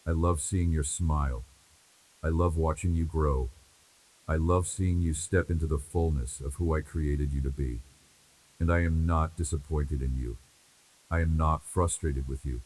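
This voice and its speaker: A man with an extremely deep, low voice reads a scripted devotional message in God's voice. His delivery is measured and reassuring, with a steady repetitive rhythm, and a faint hiss sits under it. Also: poor audio. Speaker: devotional speaker.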